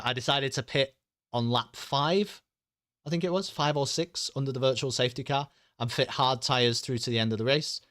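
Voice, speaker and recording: A man's voice: medium pitch, fairly bright tone, no room sound, studio quality. A man chatting casually with his stream audience, rambling, joking and swearing freely.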